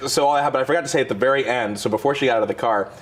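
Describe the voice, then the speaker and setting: A man's voice: mid-range voice, rapid-fire. A man telling a wild anecdote in a casual chat, laughing through it. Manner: animated, laughing through the story. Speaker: storyteller on a podcast.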